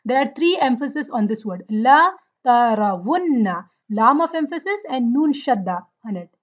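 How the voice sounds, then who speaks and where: A woman with a high, clear-pitched voice teaches Arabic grammar to an online class. She explains patiently and keeps asking if everyone is following. The audio sounds dull and lo-fi. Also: lively intonation, a little fast. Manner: explains patiently, checks understanding often.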